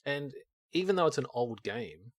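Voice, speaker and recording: A man's voice: mid-range voice, expressive, normal speed, dry recording. A man co-hosting a podcast, rambling casually and acting out his own thoughts as he talks. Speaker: podcast co-host. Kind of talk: casual chat.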